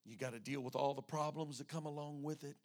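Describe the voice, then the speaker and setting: A male pastor preaching an evening sermon, moving from hushed, intimate lines to shouted peaks. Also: on the high side, steady tone, fast talker.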